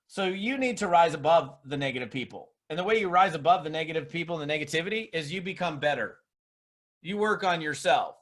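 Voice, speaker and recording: A man with a fairly high voice delivers a motivational seminar talk. He is emphatic and lively. He mocks skeptics with put-on voices. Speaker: network marketing speaker.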